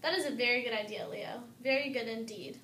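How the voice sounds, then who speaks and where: A woman's voice: fairly high pitch, a little fast, a bit bright, close to an everyday voice. A skeptical dog schoolteacher from a storybook, dry and questioning, as a woman reads him. Echo and faint hiss hang around the voice. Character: dog teacher, skeptical adult male.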